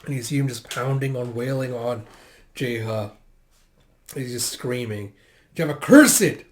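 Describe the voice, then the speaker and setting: A man's voice: medium pitch, fairly even intonation, unhurried, reverberant. A man casually reading a comic aloud and retelling its scenes, with lots of filler words. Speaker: comic readthrough host.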